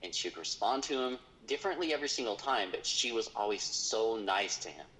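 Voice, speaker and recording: A man's voice: lowish voice, animated, fairly quick, pushed and bright, rough recording. A man, a paranormal investigator, telling a story in casual conversation, rambling with lots of fillers.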